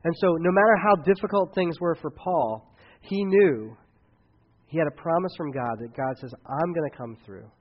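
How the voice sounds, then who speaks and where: A man preaching a sermon in a relaxed, chatty way, his voice sitting a little high for a man. He slips in offhand asides between points. The recording sounds a bit dull and lo-fi. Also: moderate pace. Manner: casual, conversational preaching with asides. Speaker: pastor.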